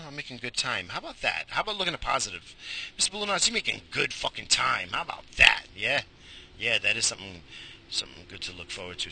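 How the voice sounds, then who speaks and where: A man ranting casually while driving, profane and loud in swings. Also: fairly low pitch, vocal fry, a little hiss or hum, poor audio. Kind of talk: casual driving vlog rant. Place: car in traffic.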